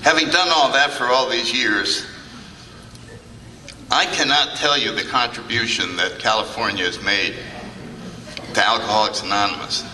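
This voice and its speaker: A man's voice: mid-range voice, moderate pace, pauses often, background noise. An older man giving a humorous, anecdotal talk to a convention audience, acting out the remarks he quotes. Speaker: recovery meeting speaker. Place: large convention hall. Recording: echoey hall, picked up from a distance.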